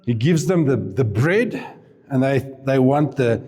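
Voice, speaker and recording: Preacher guy, chatty sermon, mellow tone, big hall echo. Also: mid-range voice, lively intonation, measured pace, slightly rough. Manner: chatty and informal, with asides and laughs. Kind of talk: sermon storytelling. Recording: reverberant hall.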